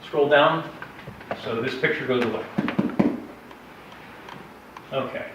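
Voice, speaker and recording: A man's voice: medium pitch, takes it slowly, very noisy. A man teaching a Bible history class in a casual, chatty way, wandering into joking asides while the class asks questions. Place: classroom with a live audience. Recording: echoey room, distant, dull sound.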